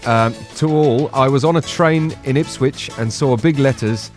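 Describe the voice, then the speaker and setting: A man's voice: medium pitch, faint music behind. A man co-hosting a radio show, reading listener messages and bantering. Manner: reads out listener messages, quick reactions. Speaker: radio co-host. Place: radio studio.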